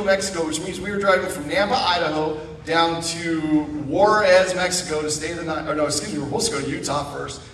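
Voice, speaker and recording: A middle-aged man telling his testimony as a guest speaker at church, animated with asides. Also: high-pitched, slight background noise. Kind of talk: personal testimony. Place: church sanctuary. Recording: echoey room, mic far off.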